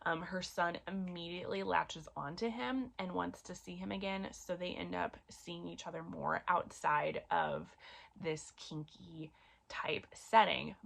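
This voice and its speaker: Talking through romance books in a relaxed review, a woman speaks with a mid-range voice that has vocal fry and sounds pushed and bright. She's chatty and full of fillers, growing emotional about her favorite series.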